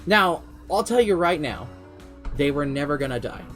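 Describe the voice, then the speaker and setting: Man, game master recap, lively swearing delivery, slightly high voice, faint music behind. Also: normal speed. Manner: animated, swearing, shifts pace often. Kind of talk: casual storytelling recap. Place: home streaming setup.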